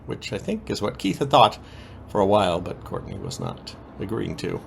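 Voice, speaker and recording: A man co-hosting a podcast, recapping soap opera episodes in a casual, animated way with frequent ums. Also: fairly low pitch, normal speed, vocal fry, breathy edge. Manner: lively, animated retelling with many ums.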